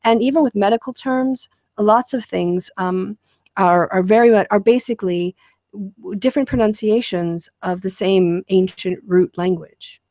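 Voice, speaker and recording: Woman host, casual chat, rambling explanations, many fillers, dry sound, medium pitch. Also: a little slow, mellow, dry recording. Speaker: show host. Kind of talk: casual conversation.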